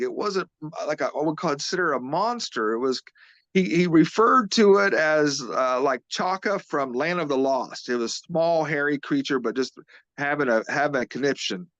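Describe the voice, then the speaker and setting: A man, a physical therapist, being interviewed as a guest and earnestly retelling a witness's story, halting and restarting often. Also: fairly high pitch, a bit bright, no room sound.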